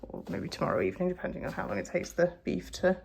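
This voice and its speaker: A woman's voice: fairly low pitch, very animated, quick pace, gravelly, slight background noise. A young woman vlogging at home, chatting casually in a rambling, self-deprecating way. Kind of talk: casual vlog chat. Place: home, indoors.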